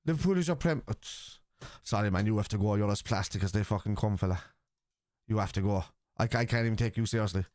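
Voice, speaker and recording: An Irish man hosting a live football watchalong, bluntly arguing with his chat, swearing freely and shouting at chances. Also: lowish voice, fast, no echo, clean studio sound. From Ireland.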